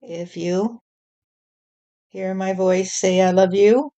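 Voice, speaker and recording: A woman channeling God as a stern male deity warning humanity, speaking in a slow, measured way and often repeating "you see". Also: medium pitch, steady tone, dark tone, dull audio, close to an everyday voice. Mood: solemn. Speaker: spirit channeler. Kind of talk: channeled spirit message.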